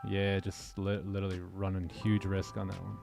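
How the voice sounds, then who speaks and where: A man's voice: low voice, completely flat delivery, normal speed, vocal fry. A man hosting a live trading stream, chatting casually and joking in slang while reading his charts. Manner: laid-back, joking with co-hosts, slangy. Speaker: trading livestream host. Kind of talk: casual livestream chat and chart commentary. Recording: faint music behind.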